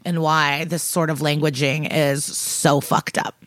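A woman's voice: sits low, little pitch movement, unhurried, a bit bright, no room sound. A woman co-hosting a podcast, retelling a TV episode in casual chat and quoting the characters as she goes. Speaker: podcast co-host.

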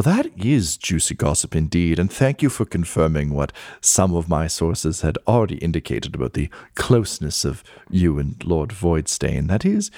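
A man's voice: low voice, darkish tone, no room sound, clean studio sound, full character voice. A man voicing an arch, gossip-hungry talking skull who writes a society column, in a theatrical, pompous manner during a tabletop game. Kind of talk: tabletop role-play character voice.

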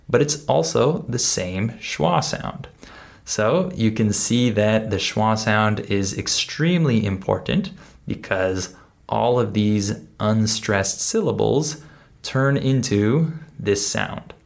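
A man with a fairly low voice teaches English pronunciation at an unhurried pace. He explains patiently, pausing often and checking in with his listeners as he goes. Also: vocal fry. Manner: deliberate, with frequent "uh" pauses and check-ins like "right?" and "okay?". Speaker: English teacher, podcast host. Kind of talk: slow, explanatory listening lesson.

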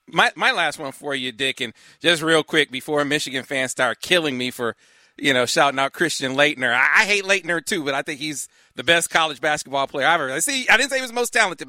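A man's voice: on the high side, expressive, quick pace, pushed and bright, no echo, studio quality. A man hosting a casual interview, asking questions conversationally. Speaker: host.

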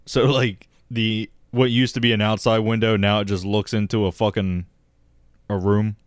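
Low, profane storytelling guy. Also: flat delivery, normal speed, no echo. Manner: profane, laughs often, says dude. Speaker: podcast co-host. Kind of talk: casual chat storytelling.

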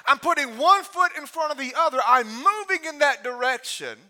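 A man giving a storytelling sermon as a guest preacher, animated and humorous, often breaking into laughter. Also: very high voice, moderate pace.

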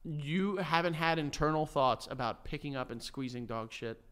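A man's voice: fairly high pitch, normal speed, fairly bright tone, clear, resonant tone. A man, co-hosting a casual podcast, teasing his friend with playful, absurd questions. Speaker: podcast co-host. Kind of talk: casual chat.

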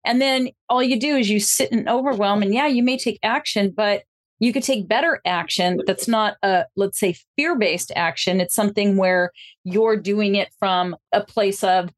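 A woman's voice: medium pitch, normal speed. A woman guest, a coach who also hosts podcasts, explaining her ideas in a reflective, flowing way. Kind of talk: casual interview chat.

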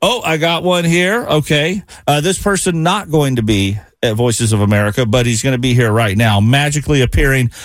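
A man's voice: medium pitch, brisk, hardly any pauses, no room sound. A man hosting a morning radio show in a studio, with upbeat, joking banter. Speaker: radio host. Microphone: studio microphone.

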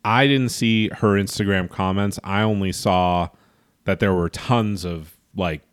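A man with a very low voice trades deadpan, sarcastic one-liners with his co-host. He speaks in a relaxed, conversational way. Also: unhurried, clean tone. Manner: dry, sarcastic quips. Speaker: podcast co-host. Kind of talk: casual reality-TV recap chat.

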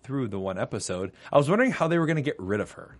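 Joking man co-hosting a TV recap. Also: mid-range voice. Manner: joking, animated, quick asides. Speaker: co-host of a TV recap show. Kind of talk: casual chat.

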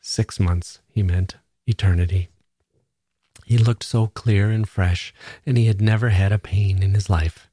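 A man reading a literary short novel aloud in a measured, even way. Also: on the low side, slightly rough, no echo, clean studio sound. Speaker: audiobook reader. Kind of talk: literary story narration.

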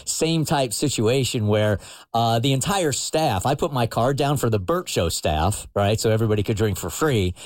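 A man hosting a morning radio show, telling stories in a relaxed chatty way and checking in with "right?". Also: mid-range voice, moderate pace, no echo, clean studio sound. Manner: laid-back storytelling with frequent "right?". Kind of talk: casual morning radio chat.

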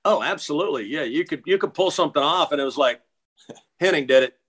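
A middle-aged man with a voice pitched a little above the usual, talking casually and reminiscing. He stumbles and restarts often and repeats words as he searches for the thread. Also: lively intonation, fast talker, fairly bright tone, slightly rough. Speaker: interview guest. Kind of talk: casual storytelling.

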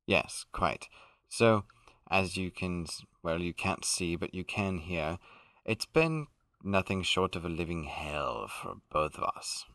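A man playing a pompous aristocratic English gentleman who hosts a comedy podcast, in a put-on upper-class British accent, fussy and self-correcting. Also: low-pitched, expressive, takes it slowly, no room sound, studio quality, exaggerated voice. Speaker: podcast host.

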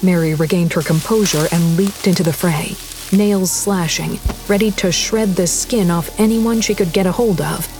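A woman's voice: fairly low pitch, moderate pace, darkish tone, soft background music. Woman narrating a horror audiobook.

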